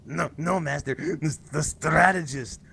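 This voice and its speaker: A man putting on a dim hunched male servant, speaking in a slow, plodding and deferential way. He drops lower than his master's voice in a game stream voice chat. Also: gravelly, sharp tone, a little hiss or hum, full character voice.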